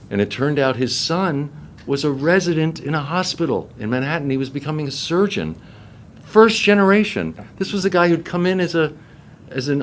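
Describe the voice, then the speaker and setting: Older man telling an animated story. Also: medium pitch, a little hiss or hum. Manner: animated storyteller who acts out quoted voices. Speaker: voice actor. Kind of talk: storytelling interview. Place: convention press room.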